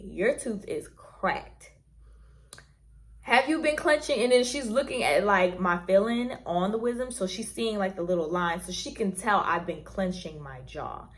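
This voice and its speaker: A young woman in nursing school chatting candidly to camera, acting out little quoted exchanges as she tells her story. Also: mid-range voice. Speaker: nursing student vlogger. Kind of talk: casual chat to camera.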